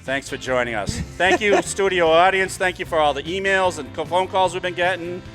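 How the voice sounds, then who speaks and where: A man's voice: sits high, normal speed, fairly bright tone, rough recording. A chatty man hosts a loose talk show on real estate and laughs easily with his panel. His voice sits a bit above the usual for men, with faint music now and then. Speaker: real estate attorney, host. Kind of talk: casual podcast banter.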